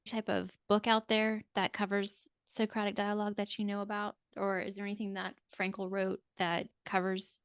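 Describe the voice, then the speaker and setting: A woman's voice: medium pitch, completely flat delivery, moderate pace, hardly any pauses, clear, resonant tone, dry recording. Dry-voiced woman hosting an interview. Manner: brief affirming responses and questions. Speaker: podcast host. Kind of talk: casual interview talk.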